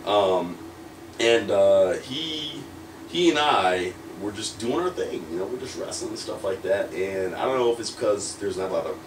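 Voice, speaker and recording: An American man, a young adult pro wrestler, telling candid stories in an interview, animated, laughing often and restarting his sentences. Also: fairly low pitch, normal speed, background noise. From United States. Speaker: professional wrestler, guest. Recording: roomy echo, mic at a distance, faint ambience.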